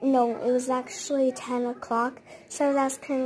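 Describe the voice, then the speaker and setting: A woman's voice: high voice, flat delivery, moderate pace, a little mellow, low-quality recording. A woman chattily retelling a babysitting story, acting out the quoted dialogue as she goes. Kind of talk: casual spoken storytime.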